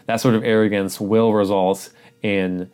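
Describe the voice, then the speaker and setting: A man's voice: fairly low pitch, little pitch movement, measured pace, a little mellow, clear, resonant tone. A man preaching a sermon, earnest and urgent, repeating phrases for emphasis.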